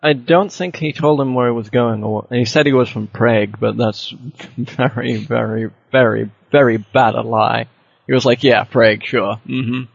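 Gravelly joking game player. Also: male voice, medium pitch, fairly even intonation, moderate pace. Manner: joking, playful. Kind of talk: tabletop role-play chat. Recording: dry, muffled lo-fi audio.

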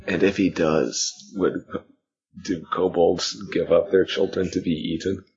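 A man running a tabletop game who talks in a halting, formal diplomatic manner with many pauses. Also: low-pitched, steady tone, a little mellow. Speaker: game master. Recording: dull lo-fi sound.

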